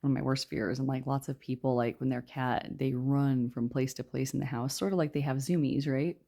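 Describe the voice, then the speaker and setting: A woman giving a casual, rambling tarot reading, talking quietly with lots of fillers. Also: a bass voice, fairly even intonation, brisk, creaky. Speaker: tarot reader.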